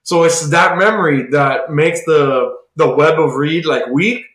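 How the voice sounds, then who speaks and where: Man, podcast co-host, rambling casual recap, slightly high voice, echoey room. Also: a little slow, a bit bright. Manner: rambling comic recap, heavy use of "like". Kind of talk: casual chat. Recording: roomy echo.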